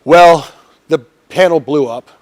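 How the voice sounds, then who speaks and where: A man in his forties telling a long, profane story as a podcast guest, energetic and swearing freely. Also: on the high side, takes it slowly, no room sound. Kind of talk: casual storytelling.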